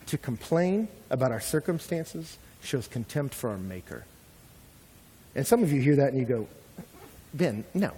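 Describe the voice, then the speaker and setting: A young man preaching a sermon with animated delivery, acting out quoted complaints. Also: medium pitch, moderate pace, husky. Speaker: pastor. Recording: long hall reverb.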